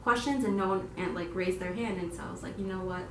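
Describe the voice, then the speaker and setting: A young woman co-hosting a casual video, telling her story to viewers in an animated, giggly way and quoting herself in excited voices. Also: medium pitch, quick pace, slight background noise. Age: young adult. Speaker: YouTube channel co-host. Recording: roomy echo, voice from a distance.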